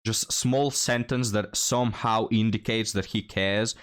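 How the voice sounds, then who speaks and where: A man with a low-set voice delivers mocking reaction commentary. He lectures with open scorn, talking straight to his listeners. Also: fairly even intonation, unhurried, smooth.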